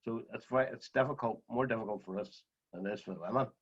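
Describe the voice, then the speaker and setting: Northern Irish man, interview guest, husky, chatty storyteller, muffled lo-fi video call. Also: medium pitch, quick pace. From Northern Ireland. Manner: chatty, tells funny stories. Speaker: guest driver. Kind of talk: casual interview chat, storytelling.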